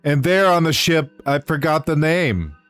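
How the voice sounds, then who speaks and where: A man's voice: on the high side, lively intonation, a little slow, fairly bright tone, smooth, soft background music. Sarcastic man streaming a game. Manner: sarcastic, grumbling wisecracks. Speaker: gaming streamer. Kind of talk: casual gameplay commentary.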